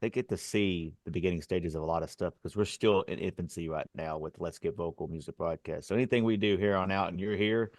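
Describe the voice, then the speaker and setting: A man with a very deep voice talks quickly and jokes easily with his co-hosts. His sound is close and dry, with no room around it. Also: a little mellow, no room sound. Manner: upbeat, joking. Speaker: podcast co-host. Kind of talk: casual chat.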